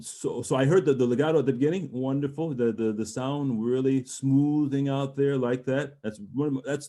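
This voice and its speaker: A middle-aged man coaching a singer over a video call, his voice mellow and warm in tone. He talks through phrasing in an encouraging way and now and then sings a short line to show it. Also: mid-range voice. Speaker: voice teacher giving a master class. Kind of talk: online master class coaching.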